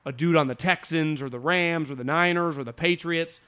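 A man co-hosting a casual sports talk show, talking fast and emphatically, restarting often and swearing. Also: fairly high pitch, sharp tone, smooth.

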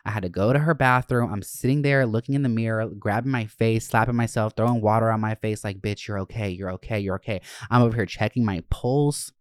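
A young man casually telling a profane, animated personal story. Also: on the low side, a little fast, hardly any pauses, clear, resonant tone, no echo, studio quality. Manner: profane, animated, acts out quoted voices.

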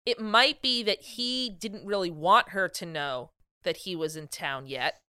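A woman with a bright, crisp voice co-hosts a podcast and chats in an animated way. Her delivery is sharp and clear. The sound is dry and close. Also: fairly low pitch, a little slow, no echo. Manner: chatty, animated, laughs often. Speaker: podcast co-host. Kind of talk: casual comedic chat.

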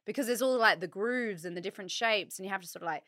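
A woman's voice: medium pitch, fast talker, fairly bright tone, no echo. A woman co-hosting a podcast in casual chat, joking in a cheeky, bawdy way. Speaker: podcast co-host.

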